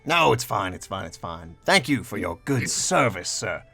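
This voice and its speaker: A man voicing a smooth-talking, sly male gambler and trader who flatters and soothes. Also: fairly low pitch, moderate pace, faint music behind, voice pushed down, exaggerated voice. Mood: soothing. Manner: flattering, unctuous, smooth persuasion.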